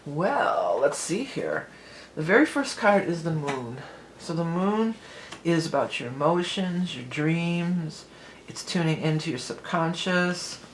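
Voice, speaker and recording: Slow and sing-song, a deep-voiced woman rambles through a tarot reading, chatting freely and laughing lightly as she strays into tangents. The rough recording has a roomy, ringing sound with a faint hiss underneath.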